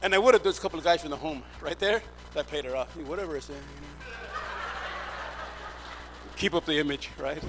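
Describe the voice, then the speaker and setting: A man's voice: a little high, fairly quick, long pauses. A middle-aged man preaching, telling his testimony as an emphatic storyteller who acts out the dialogue. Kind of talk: sermon testimony. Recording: clear background hum.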